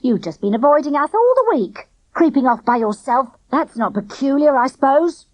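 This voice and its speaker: A woman's voice: sits high, big pitch swings, moderate pace, a little mellow, no echo, lo-fi sound, voice pushed up. A woman reading a storybook, voicing a plump, clumsy young boy who whines and pleads. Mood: eager. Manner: breathless, pleading, complaining.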